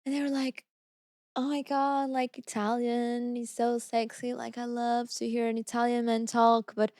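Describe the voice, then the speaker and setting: A woman's voice: on the high side, moderate pace, no room sound, studio quality. A woman from Portugal speaking English with a Portuguese accent as a podcast co-host, chatting casually and telling stories with acted-out quotes. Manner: lively storyteller, acts out quoted voices. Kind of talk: casual chat.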